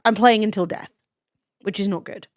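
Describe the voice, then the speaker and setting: A woman's voice: medium pitch, steady tone, normal speed, a little mellow, dry recording, studio quality. A young woman streaming a farming game, talking casually with chat, swearing freely and reading comments aloud.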